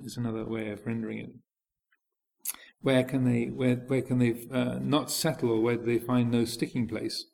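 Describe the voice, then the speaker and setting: A man's voice: medium pitch, gravelly, a little mellow. A man teaching as a Buddhist monk, giving a dharma talk with a hesitant delivery full of fillers and restarts.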